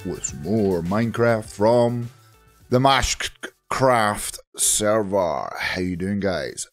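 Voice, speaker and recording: A Scottish man with a hoarse, groggy voice, chatting casually to viewers while playing Minecraft on his channel. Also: fairly low pitch, expressive, takes it slowly, faint music behind. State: hoarse from shouting. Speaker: gaming channel host. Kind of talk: casual Minecraft let's play commentary.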